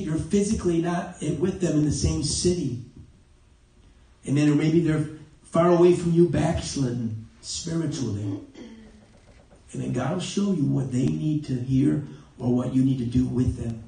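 A man's voice: on the high side, gravelly, mellow. A man preaching an evening church sermon, breaking in with "amen" and often stopping to correct himself. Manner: punctuates with amen, halting with self-corrections. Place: church sanctuary. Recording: very echoey church, mic far off.

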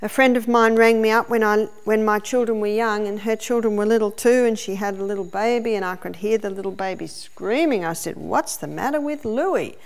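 A woman's voice: mid-range voice, brisk, hardly any pauses. A middle-aged woman, a health educator, giving a teaching seminar with a demonstration. She tells stories and explains each step. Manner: story-telling, explaining step by step.

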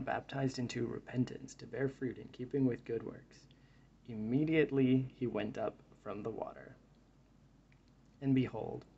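A man's voice: mid-range voice, gravelly, warm tone, breathy edge, dull audio. A man giving a reflective Bible study talk, reading verses aloud and then musing on them in a thoughtful way. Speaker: Bible teacher.

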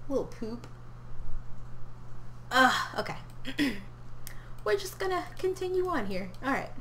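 A woman's voice: high voice, very animated, takes it slowly, a bit bright, a little hiss or hum. A young woman streaming a life-simulation game from her home office, chatting to her character and the viewers, sometimes from across the room, away from her desk mic. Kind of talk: casual gameplay commentary. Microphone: desk mic, heard from across the room.

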